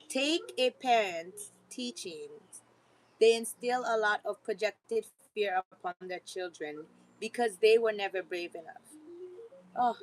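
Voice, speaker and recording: A woman's voice: medium pitch, a little hiss or hum, rough recording. A woman vlogger giving a rambling, casual motivational talk, with frequent laughter and preachy asides.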